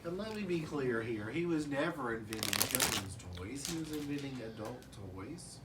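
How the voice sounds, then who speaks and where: A man telling a crude, rambling comedic story to friends in a deadpan way, recorded from a distance. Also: medium pitch, normal speed, heavy background noise.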